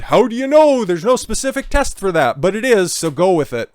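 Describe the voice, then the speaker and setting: A man's voice: high voice, very animated, brisk, few pauses, darkish tone, no room sound, clean studio sound. A man hosting political commentary, ranting angrily and sarcastically over news clips, with heavy swearing and mocking voices.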